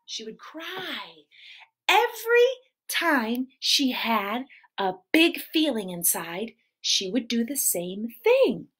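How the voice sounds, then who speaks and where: A woman children's entertainer telling a story to preschoolers in an animated, sing-song way and asking the kids questions. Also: on the high side, takes it slowly, slightly rough. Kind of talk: preschool storytelling live stream.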